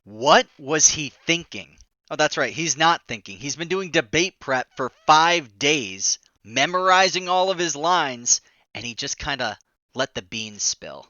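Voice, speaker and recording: A man hosting a political commentary vlog, excitable and indignant, exclaiming often. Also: a little high, measured pace, dry recording, muffled recording.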